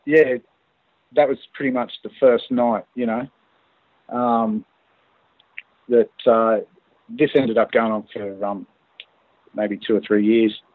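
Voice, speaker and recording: A man's voice: medium pitch, fairly even intonation, takes it slowly, long pauses. A man with an Australian accent, a podcast guest telling his story in a casual, hesitant way with many fillers and restarts. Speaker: guest recounting an encounter. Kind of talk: casual phone interview storytelling. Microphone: phone call. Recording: tinny phone line, dry.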